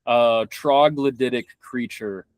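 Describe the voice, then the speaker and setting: A man's voice: medium pitch, takes it slowly, smooth, no room sound. A young man from Kentucky, a podcast guest, talking casually, rambling with restarts and swearing bluntly. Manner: rambling, frequent restarts and stammered repeats. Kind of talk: casual conversation.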